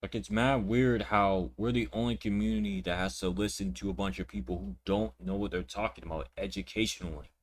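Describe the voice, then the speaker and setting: A young man with a low, steady-toned voice hosts a reaction video, ranting fairly quickly with hardly any pauses. Indignant and heavy on swearing, he often repeats words and restarts sentences.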